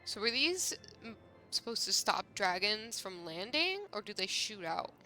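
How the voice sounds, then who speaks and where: Bright-voiced young woman streamer. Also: medium pitch, big pitch swings, measured pace, soft background music. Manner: rambling, filler-heavy. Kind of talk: casual gameplay chat.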